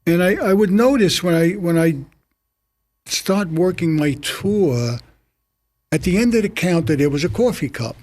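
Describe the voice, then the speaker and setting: A man's voice: sits high, expressive, measured pace, a little mellow. An older man, a retired police officer, on a studio panel, telling long stories with many restarts. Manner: rambling anecdotal storytelling, many restarts. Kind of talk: panel discussion on community TV.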